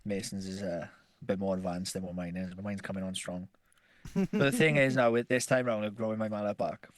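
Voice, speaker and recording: A man's voice: lowish voice, fairly quick, dry recording. A man telling a rambling story on a casual podcast, swearing freely and laughing as he goes. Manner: rambling, swears constantly, laughs through stories. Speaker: podcast co-host.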